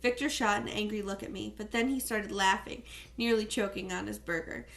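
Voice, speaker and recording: A woman reading a first-person novel aloud in a plain, steady storytelling manner. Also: medium pitch, a little fast, vocal fry. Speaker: audiobook reader.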